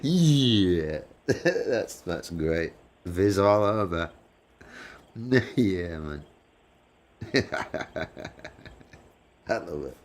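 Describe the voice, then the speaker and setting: Deep-voiced English man, chatty and laughing. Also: big pitch swings, extremely slow, long pauses. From England. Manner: laughs often, swears, chatty and teasing. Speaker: livestream host. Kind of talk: casual chat with live viewers. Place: living in the United States.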